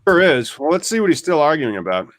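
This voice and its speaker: A man's voice: a little high, big pitch swings, fast, fairly bright tone. A man hosting a live podcast, chatting casually and wryly about news as it happens. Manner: chatty, wry, talks over tech trouble. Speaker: podcast host.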